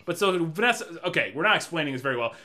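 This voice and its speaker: A man's voice: on the high side, very animated, very fast, sharp tone. A man co-hosting a casual movie review podcast, rambling, swearing and laughing as he talks. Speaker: podcast co-host.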